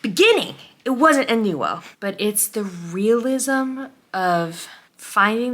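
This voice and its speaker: A young woman vlogging about a book she loves, tearful and halting, often dropping to a whisper as she fights back crying. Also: medium pitch, animated, a bit bright. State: close to crying. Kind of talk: emotional book reaction.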